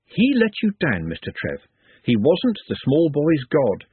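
A man's voice: on the high side, huge pitch swings, measured pace, husky, no room sound, heavily acted. A man voicing an odd, polite young man who speaks formally and precisely, like a mantra. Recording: tinny phone-like dry audio.

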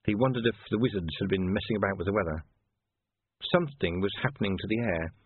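A man narrating an audiobook with expressive storytelling. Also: fairly low pitch, quick pace, husky, no room sound. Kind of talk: scripted narration. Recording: tinny lo-fi phone-band audio.

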